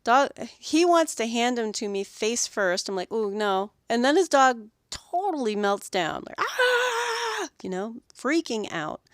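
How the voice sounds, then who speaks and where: A woman hosting a podcast about dog grooming, telling animated stories about her week and acting out the owners and dogs. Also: fairly high pitch, a little slow, few pauses, no echo, studio quality. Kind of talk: solo podcast monologue.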